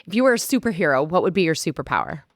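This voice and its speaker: A woman's voice: sits low, big pitch swings, very fast, no room sound, clean studio sound. A woman hosting a wellness podcast, closing an interview and signing off in an upbeat, friendly way. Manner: upbeat, friendly wrap-up patter. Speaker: podcast host.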